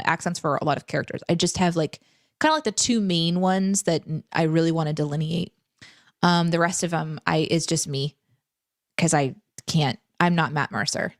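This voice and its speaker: A young adult woman co-hosting a casual live stream from home, reading viewer questions and telling stories in an animated, chatty way. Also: on the low side, dry recording, studio quality. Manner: animated, chatty storytelling with fillers. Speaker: co-host. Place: home room.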